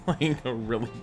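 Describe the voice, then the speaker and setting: A man's voice: medium pitch, a little mellow. A man streaming a building game live, chatting and thinking aloud to viewers and laughing often. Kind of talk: live-streamed gameplay chat.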